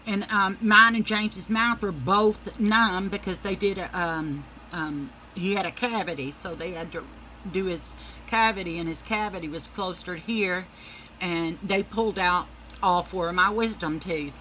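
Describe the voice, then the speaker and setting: A woman's voice: fairly low pitch, a little slow, sharp tone, a little hiss or hum, poor audio. A middle-aged woman, telling rambling, profane stories in a casual monologue and calling her listeners y'all.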